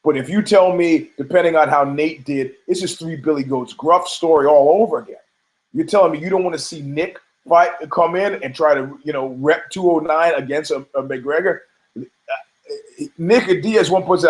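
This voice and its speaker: A man's voice: fairly high pitch, normal speed. A man hosting a show, giving brash, profane, rambling opinions on fights with many restarts. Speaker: podcast host. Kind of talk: casual opinionated commentary.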